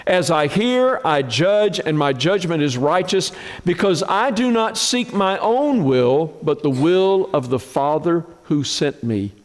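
A man preaching a sermon as pastor, slow and emphatic, with dramatic swings in pitch. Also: expressive, big-room sound.

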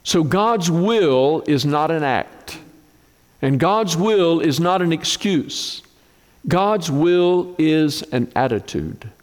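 A man preaching a sermon as pastor, slow and emphatic, with dramatic swings in pitch. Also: expressive, long reverb tail.

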